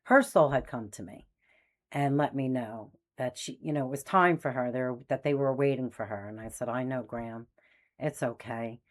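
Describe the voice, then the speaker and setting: A woman in her sixties, a spiritual medium host, telling personal stories in a lively way and acting out the voices of the people in them. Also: extremely low pitch, normal speed. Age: 60s. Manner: animated, acts out quoted voices. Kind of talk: personal storytelling.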